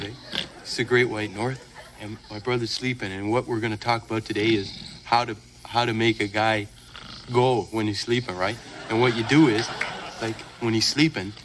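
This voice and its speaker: A man's voice: on the low side, lightly acted. An actor playing a goofy, beer-loving Canadian man hosting a sketch show, speaking in a Canadian accent with a rambling, laid-back manner. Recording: noisy old TV sketch.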